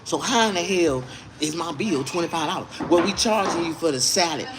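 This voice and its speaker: A man's voice: a little high, expressive, brisk, background noise. A man telling a story in a casual, indignant rant, full of swearing. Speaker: vlogger.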